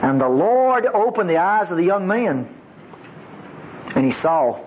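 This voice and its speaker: A man with a drawl preaches a teaching sermon in a fairly high voice that leaps up and down as he leans on words. He is folksy and emphatic, dropping playful asides between readings of scripture. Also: very animated, a little slow, darkish tone, a little hiss or hum, low-quality recording. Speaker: Bible teacher.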